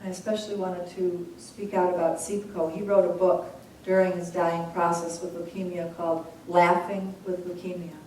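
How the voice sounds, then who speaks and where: A woman minister leading a congregation in slow, measured sutra chanting, then speaking softly and conversationally. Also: lowish voice, level tone, a little hiss or hum. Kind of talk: call-and-response sutra chanting and sermon. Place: large hall with a congregation. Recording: echoey hall, voice from far off, congregation audible.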